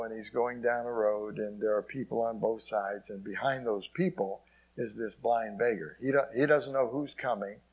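A man's voice: medium pitch, breathy edge, rough recording. A man preaching a sermon, quoting scripture and dropping in frequent amens. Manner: preaching with frequent "amen" asides and scripture quotes. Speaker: pastor.

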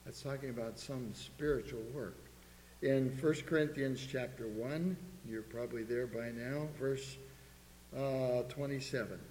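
A man's voice: medium pitch, measured pace, darkish tone. A man preaching a sermon, earnestly reading scripture aloud to a congregation in a church. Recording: echoey hall with faint hum.

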